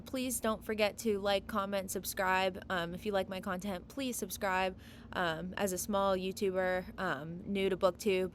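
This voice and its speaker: A woman's voice: medium pitch, a little hiss or hum. A woman chatting casually to camera from a small windowless bedroom as a book vlogger, full of "um" and "like" fillers.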